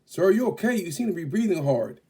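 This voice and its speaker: A man's voice: sits high, lively intonation, quick pace, warm tone, breathy edge, exaggerated voice. A man playing an eager TV field reporter in a classroom skit, with mock-urgent delivery.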